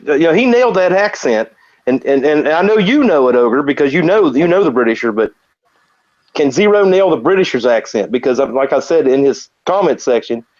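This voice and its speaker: A man's voice: a little high, a little mellow. Chatty man on dull lo-fi audio. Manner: chatty, filler-heavy.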